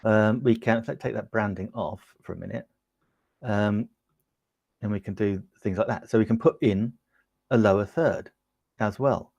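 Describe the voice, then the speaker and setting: An upbeat Englishman talks through a camera demo on his livestream, peppering it with ums as he chats to viewers. His voice sits fairly low. The sound is close and dry, from a lapel mic in a small home studio. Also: normal speed, gravelly, pauses often, a little mellow, dry recording, highs cut off. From United Kingdom. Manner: chatty and upbeat, with frequent ums, talking to viewers in the chat. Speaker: livestream host demonstrating gear. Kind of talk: casual product demo on a livestream.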